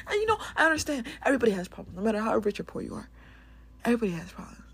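A woman's voice: on the high side, big pitch swings, racing, fairly bright tone, husky, no echo. A woman hosting a casual spiritual talk, speaking candidly and bluntly, swearing and laughing often. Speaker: spiritual podcast host.

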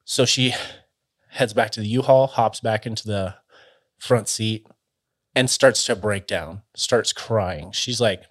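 A man with a somewhat low voice recounts a story in a casual, conversational way. His delivery is loose and halting, packed with filler words and restarts as he works through each moment.

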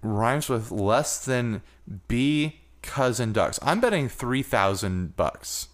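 A man's voice: medium pitch, lively intonation, takes it slowly. A man co-hosting a podcast in a loose, rambling, jokey chat. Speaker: podcast co-host. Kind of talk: casual chat.

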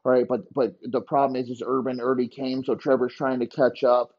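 A man's voice: mid-range voice, flat delivery, brisk, lo-fi sound. A man hosting a podcast, ranting in a crude, mocking, rambling way. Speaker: podcast host. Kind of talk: crude comedic rant.

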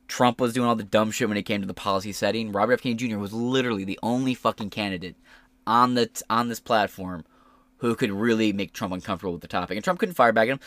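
A man's voice: fairly low pitch, dry recording. A male podcast host ranting in casual political commentary, heated and full of swearing. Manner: heated, profane rant.

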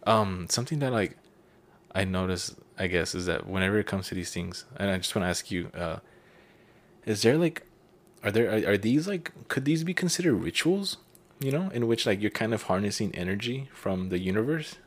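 A man's voice: lowish voice, animated, normal speed. A man in casual conversation, asking curious questions hesitantly with many restarts. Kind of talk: casual chat.

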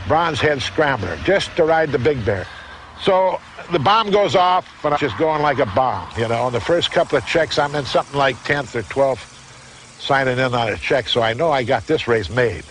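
A man's voice: on the high side, fairly bright tone, slight background noise, rough recording. An older man telling a rambling, profane racing story, laughing as he goes. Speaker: interviewee. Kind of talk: casual storytelling.

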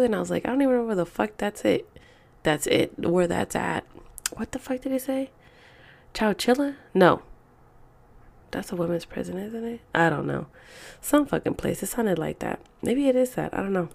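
Hushed, half-whispering woman podcaster. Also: medium pitch, animated, moderate pace, gravelly. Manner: quiet, half-whispered talk, profane and exasperated. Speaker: podcast host. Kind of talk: casual chat.

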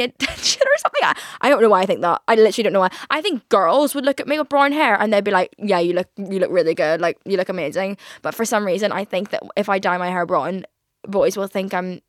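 A woman's voice: on the high side, animated, fast talker, fairly bright tone, no echo. Rambling young woman, dry close sound. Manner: rambling, filler-heavy, swears casually. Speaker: podcast host. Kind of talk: casual confessional chat.

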